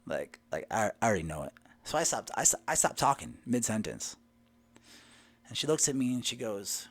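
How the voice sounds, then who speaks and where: Animated man telling a story. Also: medium pitch, normal speed, husky. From Southern United States. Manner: animated, retells dialogue with "I go" and "she goes". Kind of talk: personal anecdote storytelling.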